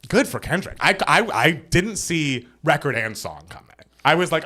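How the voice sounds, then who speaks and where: A young man co-hosting a live stream, gushing and animated as he chats about an awards show. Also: fairly high pitch, moderate pace, few pauses. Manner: gushing, animated, reads out viewer comments. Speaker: podcast co-host. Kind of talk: excited live-stream chat.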